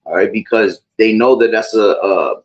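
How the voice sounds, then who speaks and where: धीमे-भारी सुर वाला आदमी, जो बार-बार रुककर और भराव-शब्दों के साथ बातचीत में अपनी बात कहता है; आवाज़ धुँधली और लो-फ़ाई रिकॉर्डिंग में है।. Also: male voice, fairly low pitch, normal speed. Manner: rambling, with many fillers and repeated asides. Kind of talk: casual chat, preaching-tinged commentary. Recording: dull lo-fi audio.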